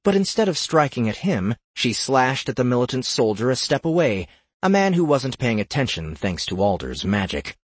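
A man narrating a fantasy audiobook with steady, measured storytelling. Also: mid-range voice, husky, no room sound.

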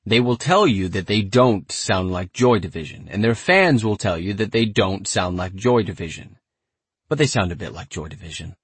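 A man narrates an oral history audiobook with a husky, slightly rough voice that swings up and down with plenty of expression. He speaks each quote in a loose, conversational way, as if telling the story himself. The sound is dry and close, with no room around it. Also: medium pitch, no room sound. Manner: conversational, reads each quote like casual speech.

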